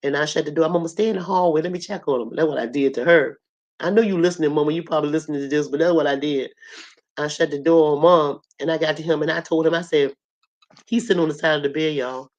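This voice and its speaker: A hoarse woman with a cough, telling a story to her audience in a blunt, colorful, animated way. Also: low voice, fast, muffled recording. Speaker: host.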